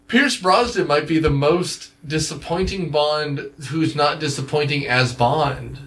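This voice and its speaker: A man's voice: on the high side, a little slow, a bit bright. A man co-hosting a casual movie review chat, sarcastic and rambling, swearing freely. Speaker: podcast co-host.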